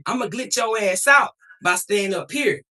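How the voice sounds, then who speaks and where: A woman's voice: medium pitch, lively intonation, normal speed, pushed and bright, recorded from a distance. A young adult woman livestreaming to her chat, talking back at trolls in a profane, emphatic and confrontational way. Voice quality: profane, defiant.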